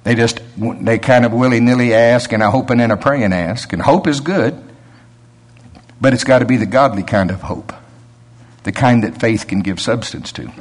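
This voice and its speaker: A man's voice: mid-range voice, moderate pace. Man preaching a conversational sermon. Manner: conversational preaching, rising to emphatic peaks.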